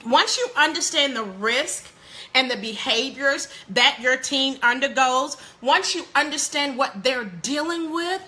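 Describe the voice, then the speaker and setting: A woman hosting a live parenting talk, animated and preachy, laughing often and speaking straight to her viewers. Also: sits high. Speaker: parenting show host.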